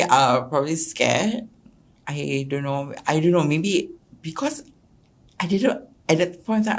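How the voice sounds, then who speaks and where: Low-voiced Singaporean woman telling her story. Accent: Singaporean English. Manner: animated, acts out quotes with sharp jumps in pitch and loudness. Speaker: podcast guest. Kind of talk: personal storytelling interview.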